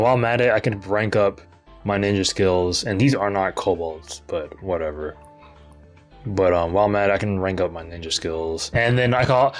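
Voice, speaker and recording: A young man casually commenting on his game as he plays, laid-back and slangy. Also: sits low. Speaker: gaming channel host.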